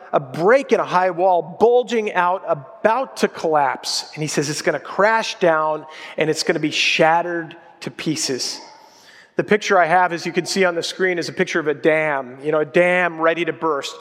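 Male pastor, high voice, chatty sermon delivery, long hall reverb. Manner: conversational, storytelling, drops low for emphasis.

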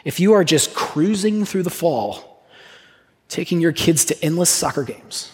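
Husky pastor in a reverberant church. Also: male voice, a little high. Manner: earnest, slow repeated refrains, lively asides. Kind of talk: sermon leading communion. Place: church sanctuary. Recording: reverberant church hall, soft guitar.

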